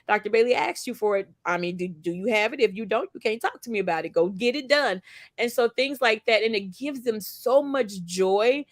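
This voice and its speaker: A woman co-hosting a community livestream, telling animated stories with playful asides on a video call. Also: medium pitch, normal speed, dry recording. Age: adult with school-age children. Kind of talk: casual chat.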